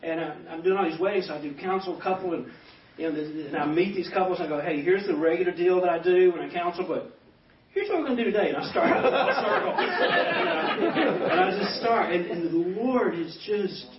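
A man in his fifties, a pastor giving a personal testimony, animated and acting out quoted dialogue as he tells stories. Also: sits high, fairly quick, a faint crowd, a little hiss or hum. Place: banquet hall. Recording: echoey hall, distant dull mic.

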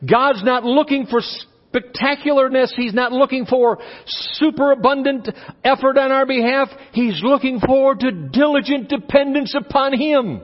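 A male pastor preaching a sermon, animated, acting out little dialogues as he goes. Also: very high-pitched, moderate pace. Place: church conference hall. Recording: dull live recording in a reverberant hall.

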